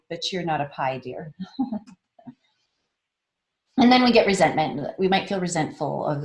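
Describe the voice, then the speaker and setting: A chatty woman with a fairly low, darkish-toned voice delivers a casual talk at an online meetup, laughing frequently. When she quotes others, her pitch leaps up into little acted-out voices. The room she speaks in is echoey.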